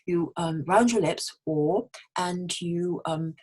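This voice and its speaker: Brief: woman pronunciation teacher, low husky voice, patient drawn-out sound demos. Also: darkish tone. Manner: demonstrates sounds slowly, stretching vowels and shaping lips. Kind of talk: English pronunciation lesson.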